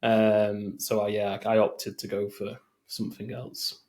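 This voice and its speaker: A man's voice: on the low side, little pitch movement, unhurried, a little mellow. A man co-hosting a podcast in casual chat, rambling and hesitant with many fillers. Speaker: podcast co-host.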